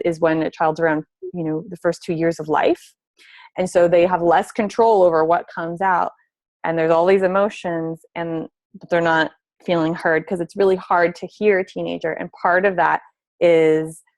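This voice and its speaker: A woman giving a webinar as a family therapist, explaining calmly and acting out example talks with children. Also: fairly low pitch, no room sound. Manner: gentle, explanatory, acts out example dialogues with children. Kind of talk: spoken webinar presentation.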